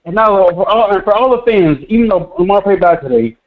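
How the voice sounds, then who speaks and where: A young man rants frantically into a call-in sports show, his high voice jumping all over and cracking into shouts as he stutters. The call sounds dull and lo-fi. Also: animated, brisk, a little hiss or hum. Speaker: caller.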